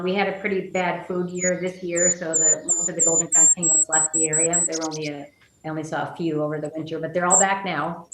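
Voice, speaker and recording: Chatty birding woman in an echoey room. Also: fairly low pitch. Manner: chatty, with many fillers and restarts. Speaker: birding workshop presenter. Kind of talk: virtual lecture with slides.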